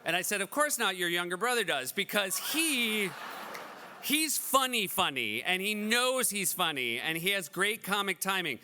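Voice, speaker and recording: A man in his forties hosting a benefit event, telling dry, self-deprecating stories in an animated stand-up style. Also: sits high, moderate pace, background noise. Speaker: event host. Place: large event hall.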